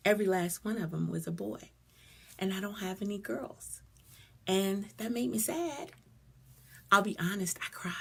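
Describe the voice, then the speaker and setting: Gravelly, expressive woman talking to viewers. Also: fairly low pitch. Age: middle-aged. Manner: expressive, conversational, greets viewers mid-sentence. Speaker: speaker on a live stream. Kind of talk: personal talk to live viewers.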